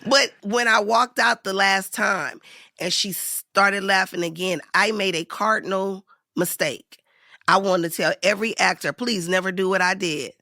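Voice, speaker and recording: A woman's voice: medium pitch, a little slow, sharp tone, no echo, studio quality. A woman in her fifties, an actor telling stories in an interview, acting out every voice with big swings. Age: 50s. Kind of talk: storytelling interview.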